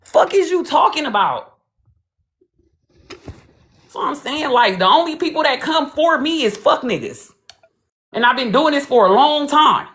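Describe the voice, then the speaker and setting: A woman's voice: high-pitched, lively intonation, unhurried, pauses often, fairly bright tone. A woman from Los Angeles hosting a livestream, talking in a profane, combative and mocking way. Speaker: livestream host. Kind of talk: heated casual livestream talk.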